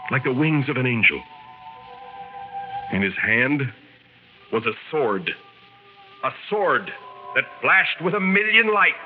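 A man's voice: mid-range voice, lively intonation, slow pace, long pauses. A man giving a dramatic radio reading as a young wounded Marine writing home, earnest and wistful, over a tinny recording with music.

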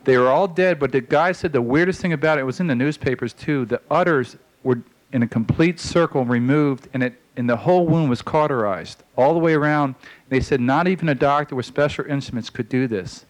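A man telling a long personal story in a casual, halting way, with many fillers, acting out the voices of the people in it. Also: mid-range voice, rough recording. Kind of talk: casual spoken anecdote.

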